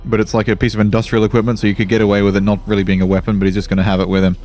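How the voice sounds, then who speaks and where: A man's voice: lowish voice, monotone, racing, a little mellow, faint music behind. A man playing a tabletop role-playing game, casually and jokingly describing his character. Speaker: player.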